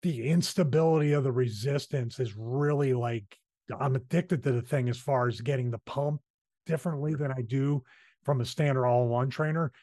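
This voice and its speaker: A man's voice: medium pitch, fairly even intonation, normal speed, warm tone, no echo. Philly-accented male podcast host, loose rambling delivery, dry close mic. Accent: Philadelphia. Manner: chatty, rambling, restarts his sentences. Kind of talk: casual podcast chat.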